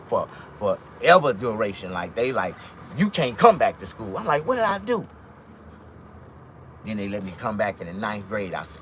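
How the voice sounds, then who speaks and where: A man's voice: lowish voice, a bit bright, a little hiss or hum. A man delivering a blunt, profane, casual monologue rant as a vlogger, telling stories along the way.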